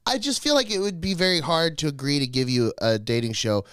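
A man's voice: on the high side, a little fast, a bit bright, clean tone, no room sound, studio quality. A man telling stories and teasing his co-host in casual chat, laughing often. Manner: laughs a lot, teasing banter.

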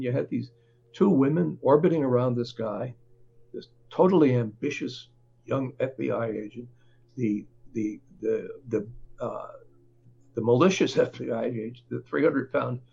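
A man who writes and reports, talking as an interview guest, halting often, with fillers and restarts. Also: mid-range voice, creaky, dark tone, muffled recording, a little hiss or hum. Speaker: author and reporter.

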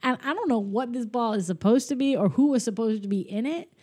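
A woman's voice: a little high, lively intonation, a little fast, darkish tone, slightly rough, dry recording, studio quality. A woman co-hosting a casual podcast, recapping a movie scene by scene, laughing often and acting out the characters' lines, while coming down with a cold. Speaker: podcast co-host.

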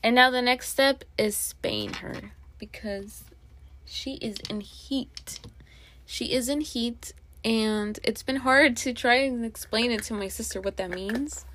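A woman's voice: on the high side, slow pace, fairly bright tone, a little hiss or hum. A young woman hosting a casual solo podcast, rambling and chatty with plenty of asides. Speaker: podcast host.

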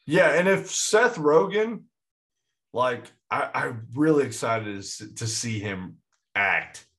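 A man co-hosting a movie podcast in casual chat, excitable and rambling with frequent restarts. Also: mid-range voice, slow pace. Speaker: podcast co-host.

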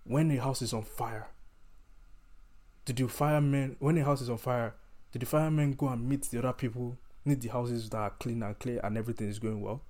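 A man's voice: mid-range voice, steady tone, a little fast, a little mellow. A man delivering an impassioned, heated rant to his audience, emphatic and often repeating and restarting his phrases.

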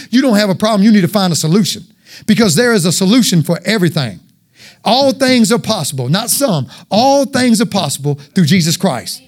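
A man preaching an informal, joking sermon with call-and-response. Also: high-pitched.

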